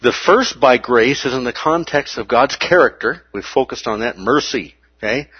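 Animated guy preaching a bible lesson, slightly husky, dry muffled recording. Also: mid-range voice, moderate pace, no echo. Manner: animated, with playful asides and acted-out exclamations. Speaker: Bible teacher. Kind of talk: sermon.

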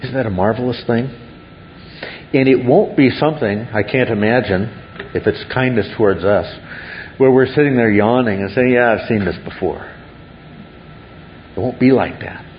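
A man's voice: medium pitch, moderate pace, muffled recording, a little hiss or hum. A man preaching a sermon as pastor, earnest and building to exclaimed wonder.

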